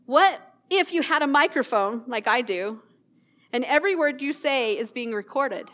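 A woman hosting a casual Christian devotional talk, earnest and self-deprecating, slowing down to read scripture. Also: high-pitched, animated, fairly bright tone.

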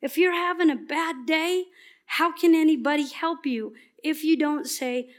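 A woman giving a passionate, emphatic sermon at church that often turns soft and earnest. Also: sits high, measured pace. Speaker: church speaker.

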